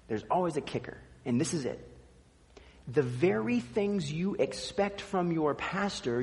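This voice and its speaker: A man's voice: a little high, a little mellow, big-room sound. A man preaching a sermon, teaching with emphatic repetition and dry asides. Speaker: pastor.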